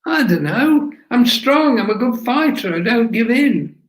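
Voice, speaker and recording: A man doing an impulsive teenage lad, high and insistent, who blusters when he feels doubted. He speaks unhurriedly, and his voice rings in an echoey room. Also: sing-song, unhurried, heavily acted. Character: eager teenage boy, earnest and impulsive.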